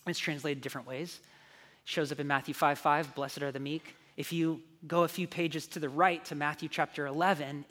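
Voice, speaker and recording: A male pastor preaching a sermon in a conversational way, moving from hushed, soft passages to animated, louder ones. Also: a little high. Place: church sanctuary. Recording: long reverb of a large hall.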